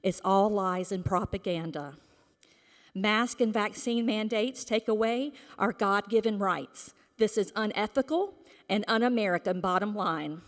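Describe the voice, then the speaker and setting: Woman, unhurried public comment at a podium mic, indignant and emphatic, long hall reverb. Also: mid-range voice. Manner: emphatic and indignant, sometimes dropping to a whisper. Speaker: public commenter at a school board meeting. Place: school board meeting room.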